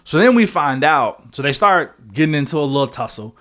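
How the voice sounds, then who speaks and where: Excitable young man rambling on a podcast. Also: on the high side, fairly quick. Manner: excited, rambling retelling with many fillers and profanity. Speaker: podcast co-host. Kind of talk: casual podcast chat.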